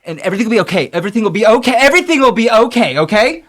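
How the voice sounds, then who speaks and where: A man putting on a doting, worried mom for a tabletop game. The voice flutters high and gushes with frantic reassurance, swinging widely in pitch. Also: very animated, racing. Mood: soothing. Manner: high fluttery voice, gushing and fretful. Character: doting, anxious middle-aged mother.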